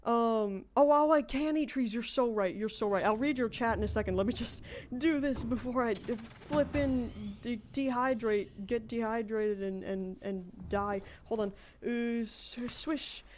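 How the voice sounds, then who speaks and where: A woman's voice: fairly high pitch, measured pace, few pauses, a little mellow, slight background noise. An American woman streaming a game, chatting casually with her viewers and thinking aloud at length as she plays. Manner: rambling, thinks aloud while playing. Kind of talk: casual livestream chat.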